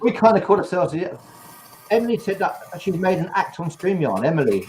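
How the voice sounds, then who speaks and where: A man's voice: high-pitched, big pitch swings, a little fast, a little mellow, soft background music. A man with an English accent hosting a live video chat in a chatty, jokey way, laughing often. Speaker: show host. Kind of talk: casual live-stream chat.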